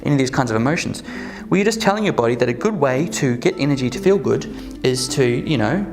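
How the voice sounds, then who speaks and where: A man's voice: medium pitch, animated, fast, echoey room, over music. A man giving a casual workshop talk to a live group, keeping it conversational and checking in with the listeners through frequent "okay?" and "right?" asides. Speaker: workshop presenter.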